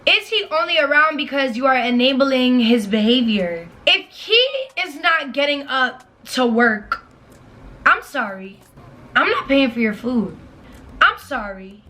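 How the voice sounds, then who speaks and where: A woman's voice: high voice, animated, measured pace, sharp tone. A young woman giving blunt, emphatic relationship advice in a casual vlog, repeating her points and swearing freely. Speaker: advice vlogger.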